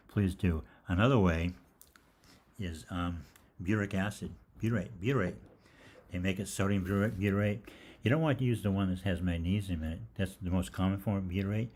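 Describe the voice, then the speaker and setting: A man's voice: deep voice, darkish tone, slightly rough. An older man hosting a live health Q&A, telling rambling, jokey anecdotes with casual swearing.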